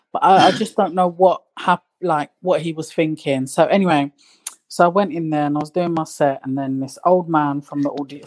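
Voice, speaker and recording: A young woman from East London with a London accent, a comedian guest chatting casually on a podcast and telling stories with animated delivery. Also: deep voice. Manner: chatty, animated storytelling with laughs.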